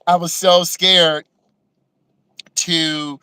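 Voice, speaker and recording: A man's voice: a little high, level tone, extremely slow, pushed and bright, clean tone, dry recording, low-quality recording. A man, a driving instructor, telling personal stories in an emotional way and tagging many lines with "right?". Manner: emotional, acts out quotes with many "right?" asides. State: emotional, close to tears. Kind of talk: personal storytelling to the camera.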